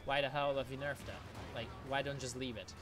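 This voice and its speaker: A man giving live commentary on a strategy game match, excitable and swearing freely, often breaking into laughter. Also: medium pitch, normal speed, music in the background. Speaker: game caster.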